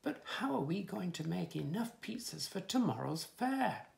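A man's voice: high-pitched, very animated, moderate pace, creaky, darkish tone, reverberant, pitched above the performer's own voice, heavily acted. A man voicing a fretful dinosaur pizza factory manager in a children's storybook reading.

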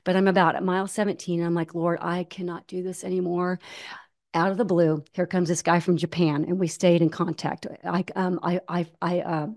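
A woman in her forties telling a personal story in a casual interview, animated, with many restarts. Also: on the low side, brisk. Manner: animated, many restarts, acts out quoted voices. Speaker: guest, ultramarathon runner.

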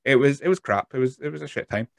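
A man's voice: mid-range voice, lively intonation, fast, creaky, no echo. A Scottish man hosting a podcast interview, chatting casually and rambling with laughs. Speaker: podcast host.

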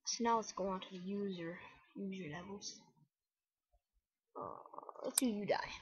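A woman giving let's play commentary on a game, muttering to herself and breaking into excited yelps and exclamations. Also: mid-range voice, normal speed, highs cut off, noisy background. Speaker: gamer.

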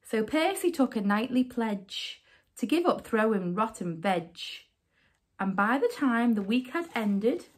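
A woman reading a rhyming children's picture book aloud as a storyteller, with an expressive, sing-song delivery. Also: on the high side, a little slow, background noise.

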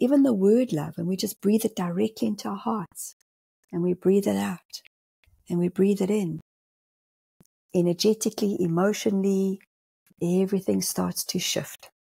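A South African woman talks as a podcast guest, her voice gravelly and rough with breath. She sounds mellow and warm, mid-pitched, and often breaks into laughter and little acted-out voices. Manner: animated, laughs often, acts out inner voices. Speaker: spiritual medium guest. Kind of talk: podcast conversation.

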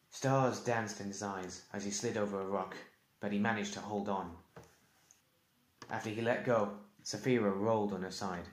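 A man narrating a fantasy audiobook in a measured, steady storytelling manner, recorded at home. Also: fairly low pitch. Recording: echoey room.

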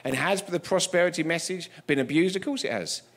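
A man's voice: on the high side, brisk, a bit bright. A man giving a sermon as a guest preacher, telling humorous stories in an emphatic way.

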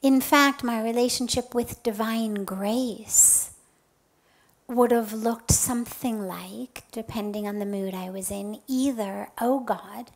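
A woman giving a spiritual talk in a gentle, unhurried voice that sits a little high. She speaks with earnest softness, and her words often fall to a breathy near-whisper. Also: fairly even intonation, rough recording. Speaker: spiritual teacher.

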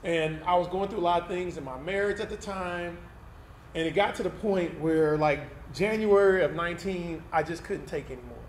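A man's voice: high-pitched, normal speed. A man preaching a personal testimony sermon in a candid, conversational way, often checking in with the congregation. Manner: candid, conversational, tag questions like "right?". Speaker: pastor. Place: event hall used for Sunday service. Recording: roomy hall sound with faint noise.

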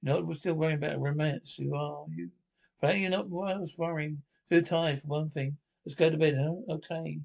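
A man reading a comedy film script aloud, voicing several characters in quick back-and-forth exchanges. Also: a little high, steady tone, vocal fry, a little mellow.

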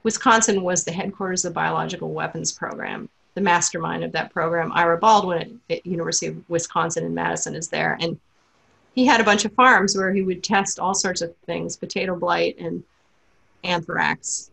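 Woman, science writer, webinar Q&A, earnest, worried, gravelly, low voice. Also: steady tone, brisk, a bit bright, rough recording. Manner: earnest, worried, conversational with many fillers. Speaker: science writer and author guest. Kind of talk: webinar Q&A answer.

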